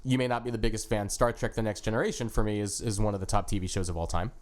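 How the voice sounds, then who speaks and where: A man's voice: lowish voice, steady tone, very fast, darkish tone. A man co-hosting a podcast in casual chat, full of teasing, jokey banter. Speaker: podcast co-host.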